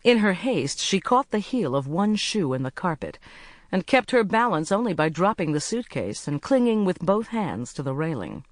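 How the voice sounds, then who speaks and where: An audiobook narrator reading a cozy mystery with an expressive delivery, recorded close on a studio mic. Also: mid-range voice, normal speed, no echo.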